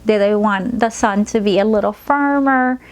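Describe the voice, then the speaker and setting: A woman play therapist demonstrating a storytelling technique, switching between slow, gentle storytelling and practical instructions. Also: mid-range voice, soft background music.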